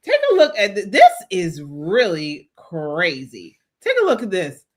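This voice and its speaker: A woman's voice: fairly low pitch, huge pitch swings, a little slow. A woman hosting an opinionated commentary show, incredulous, reading out viewer comments. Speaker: host.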